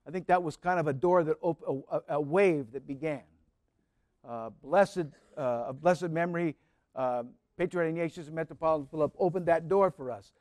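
A man with a high, bright-edged voice delivers a sermon in a storytelling way. He climbs to fervent, pleading cries and then drops back to quiet asides. The sound is dry and close, with no room echo. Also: normal speed. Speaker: pastor.

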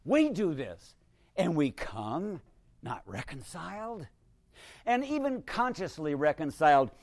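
An older male priest delivers a sermon with a slightly raised pitch. He talks to the congregation in a conversational, wry way, and he swings from emphatic bursts to hushed asides. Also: very animated, slow pace, dry recording. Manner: conversational, wry, rises to emphatic bursts then drops quiet.

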